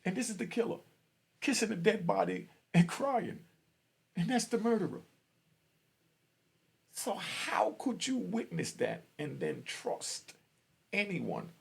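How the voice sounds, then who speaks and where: A man's voice: high voice, sing-song, slow pace, vocal fry, pauses often, breathy edge. A man in his fifties from Jamaica giving blunt, streetwise warnings in a commentary vlog, outdoors on a street. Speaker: vlogger.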